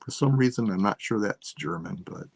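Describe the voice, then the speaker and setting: A man selling items on a live stream, thinking aloud in a rambling, unhurried way as he describes each piece. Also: on the low side, expressive, creaky, breathy edge, dry recording. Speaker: online seller. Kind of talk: live-stream sales chat.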